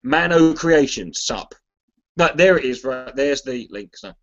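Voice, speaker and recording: This man's mid-range voice is animated and unhurried, with the high frequencies cut off. He's a comedian rambling casually on a charity livestream, cursing freely, mocking himself and reading out messages from the chat.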